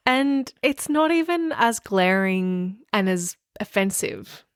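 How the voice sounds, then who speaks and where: A woman's voice: mid-range voice, lively intonation, slow, dry recording, studio quality. A woman co-hosting a book podcast, chatting casually and laughing often at herself. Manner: giggly, self-deprecating, laughs often. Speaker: podcast co-host. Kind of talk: casual chat.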